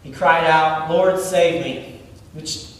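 Guy doing a casual bible talk, kinda high voice, lots of uh's, far from the mic in a big echoey room. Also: fairly even intonation, slow pace, fairly bright tone. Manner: conversational, lots of fillers and restarts. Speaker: Bible study leader. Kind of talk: informal Bible teaching. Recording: distant mic in an echoey hall, faint room noise.

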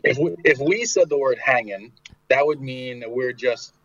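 A man's voice: mid-range voice, normal speed, fairly bright tone, no echo. Man on a muffled call. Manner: curious, guessing answers, asks for spellings. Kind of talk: casual chat over a video call. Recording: muffled internet call audio.

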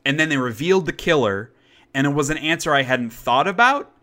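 Sitting on the high side, his voice is sharp-toned and lively in intonation, and he speaks briskly. As a podcast co-host, he reviews films he's seen in loose, casual talk, full of fillers and false starts.

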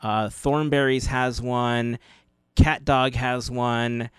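A man's voice: mid-range voice, little pitch movement, slow, clear, resonant tone, dry recording, studio quality. A man hosting a podcast, reading sponsor notes and then chatting casually with fillers and restarts. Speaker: podcast host.

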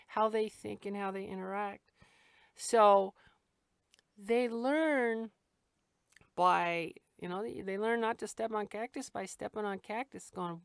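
A woman's voice: medium pitch, unhurried, vocal fry, no room sound, studio quality. A middle-aged woman, a dog trainer, talking frankly and casually, laughing easily as she explains her methods.

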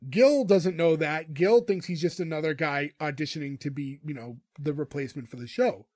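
High-voiced man recapping an episode animatedly. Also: normal speed, dry recording, studio quality. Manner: animated storytelling, laughing often. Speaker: podcast co-host recapping a TV episode. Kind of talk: casual chat.

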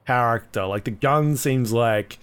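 A man's voice: mid-range voice, a little slow, fairly bright tone, clean tone. A man co-hosting a podcast, easygoing and full of questions as he chats. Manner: easygoing, asks lots of questions. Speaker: podcast co-host. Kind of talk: casual chat.

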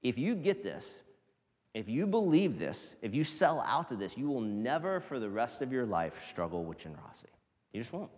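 A male pastor giving a casual, conversational sermon, swinging from loud emphasis to hushed near-whispers. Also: medium pitch, big pitch swings, normal speed, breathy edge. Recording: long reverb of a large hall.

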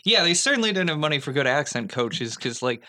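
A man co-hosting a casual movie-review podcast, relaxed and opinionated. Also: a little high, fast. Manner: relaxed, opinionated, uses fillers. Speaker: podcast co-host.

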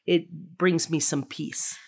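A middle-aged woman with a slightly low voice tells stories as a guest on a podcast. She is an animated storyteller and laughs often as she talks. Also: slow pace. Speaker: guest, stage actor. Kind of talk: casual conversational interview.

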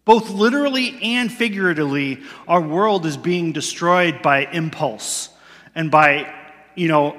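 A man's voice: fairly high pitch, lively intonation, moderate pace, a bit bright. Man preaching in an echoing hall. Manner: conversational, self-deprecating, laughs often. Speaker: pastor. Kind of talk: sermon. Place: church sanctuary. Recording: long reverb of a large hall.

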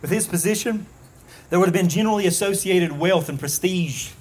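A man preaching an expository sermon, earnest and measured, with frequent ums and restarts. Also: sits high, darkish tone, husky.

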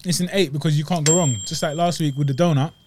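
A young man, chatting casually on a podcast, animated and slangy, laughing as he talks. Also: fairly high pitch, fast, slight background noise. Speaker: podcast co-host. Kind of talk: casual chat reviewing desserts.

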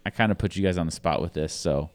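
A man's voice: low voice, quick pace. A man hosting a casual church podcast chat, easygoing, laughing often and asking his co-hosts questions. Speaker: podcast host.

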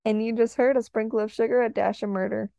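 A young woman with a gravelly edge and a fairly high voice, co-hosting a podcast in easy casual chat. She laughs often and acts out quotes from old stories. The sound is close and dry. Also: fairly even intonation, quick pace, dark tone, dry recording. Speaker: podcast co-host.

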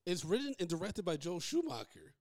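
A man with a noticeably high voice co-hosts a casual podcast. He sounds incredulous and profane and breaks into laughter often. The recording is dry. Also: very animated, fairly quick, a little mellow, no echo. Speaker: podcast co-host. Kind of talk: casual movie review chat.

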